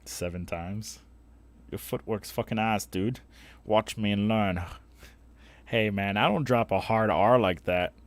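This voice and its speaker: A man's voice: lowish voice, measured pace, dry recording. A young man chatting casually on a live stream, joking crudely and swearing as he answers chat.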